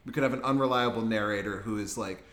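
A man's voice: lowish voice, quick pace, fairly bright tone, echoey room. A man co-hosting a podcast, talking thoughtfully about a film in casual chat and laughing often. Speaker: podcast co-host. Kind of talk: casual movie discussion.

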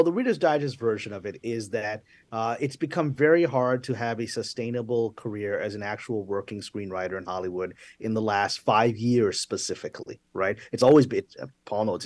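A man's voice: on the low side, a little mellow, no echo. Articulate male screenwriter guest. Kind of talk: conversational interview.

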